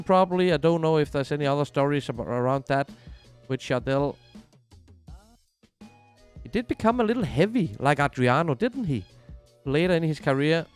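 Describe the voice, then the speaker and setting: A man's voice: fairly high pitch, animated, moderate pace, pauses often, clear, resonant tone, soft background music. Chatty man streaming a football game. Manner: chatty, reads viewer messages aloud. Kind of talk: casual game livestream chat.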